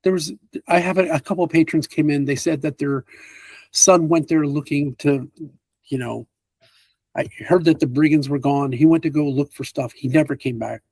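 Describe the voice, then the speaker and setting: Man playing a cautious kindly priest npc, a bit husky, halting speech, dry close sound. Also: a little high, steady tone, darkish tone, dry recording. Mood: warning. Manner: hesitant, halting with fillers. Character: weary male priest healer, kindly and cautious.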